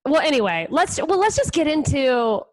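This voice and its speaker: A woman's voice: high voice, sing-song, moderate pace. A woman hosting a podcast, chatting casually, laughing often and swearing freely. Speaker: podcast host. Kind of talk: casual chat.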